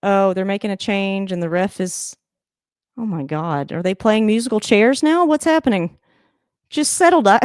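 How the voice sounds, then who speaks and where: A woman's voice: medium pitch, smooth, dry recording, studio quality. Chatty woman reacting live to football. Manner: chatty, rambling, laughs often, sudden excited outbursts. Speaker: livestream host reacting to a football game. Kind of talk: casual live game reaction. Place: home room, moving around the camera.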